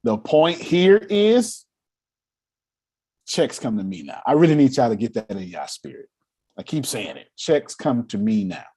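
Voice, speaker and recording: A man leading a motivational meeting on money and cash flow, animated and laughing as he acts out quotes. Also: mid-range voice, measured pace. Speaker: finance coach leading a meeting. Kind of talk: motivational talk.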